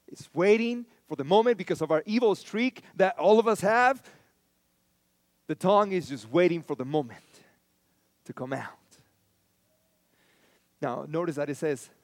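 Pastor guy giving a sermon, pretty high voice, dry close sound, chatty storytelling with lots of repeats. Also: lively intonation, a little slow, long pauses, dry recording. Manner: conversational storytelling with repeated emphasis.

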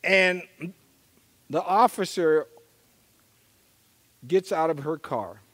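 Man, pastor, sermon, animated storyteller, high voice, long church reverb. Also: drawn-out words. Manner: animated, acts out quoted voices, chuckles at himself. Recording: long reverb of a large hall.

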